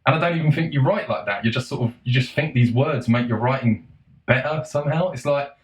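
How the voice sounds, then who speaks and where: A man in the middle of a casual rant, sarcastic and exasperated, dropping swears and the odd laugh. His voice sits at an ordinary middle pitch. The room around him rings with noticeable echo. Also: a little fast. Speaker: vlogger. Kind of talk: casual ranting monologue.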